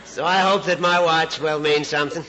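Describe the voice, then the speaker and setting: A man's voice: on the high side, fairly even intonation, normal speed, pushed and bright, a little hiss or hum, rough recording. A man from Saskatchewan, giving a speech as a guest speaker in a folksy, joking way and chuckling at his own stories. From Canada, Saskatchewan. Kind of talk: storytelling speech to an audience.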